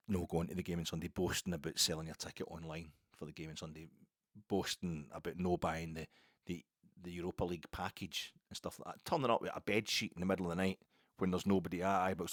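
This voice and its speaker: A Scottish man with a fairly low voice rants about football, his talk lurching from quiet musing to sharp, high outbursts. He sounds close to the mic in a dry, dead room. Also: level tone, a little fast, no echo. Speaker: football podcaster. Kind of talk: opinion monologue.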